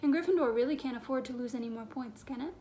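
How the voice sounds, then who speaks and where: A woman reading a smooth, menacing male teacher. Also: sits high, fast, warm tone, slight background noise, close to an everyday voice. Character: snide sinister male teacher.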